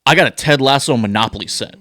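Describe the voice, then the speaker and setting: A young man tells a rowdy story on a podcast, laughing often between lines. His voice sits at an ordinary pitch. The sound is close and dry, with no room echo. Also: fast talker, pushed and bright. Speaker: podcast co-host. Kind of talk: casual chat.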